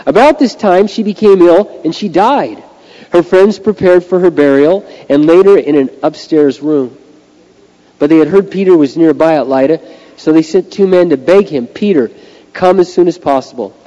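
Middle-aged pastor preaching in a reverberant hall. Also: male voice, on the high side, normal speed, warm tone. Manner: earnest, conversational preaching. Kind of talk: sermon. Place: church sanctuary. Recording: lo-fi recording with long hall reverb.

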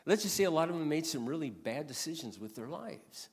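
Pastor, man, 60s, earnest emphatic sermon, animated pitch, long hall reverb. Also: brisk, husky. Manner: earnest, emphatic, repeats lines for stress.

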